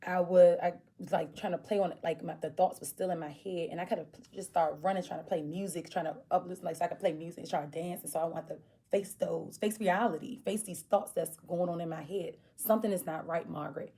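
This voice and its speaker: A woman's voice: a little fast, few pauses, slightly rough. A woman vlogger tells a personal story in a casual way, acting out the people she quotes. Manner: animated, acts out quoted voices with big pitch jumps.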